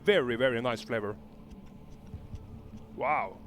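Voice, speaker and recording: A man tasting a hot pepper on camera and talking it through casually, halting with lots of fillers and restarts. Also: mid-range voice, a little hiss or hum. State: gasping and coughing from pepper heat. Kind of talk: casual vlog commentary.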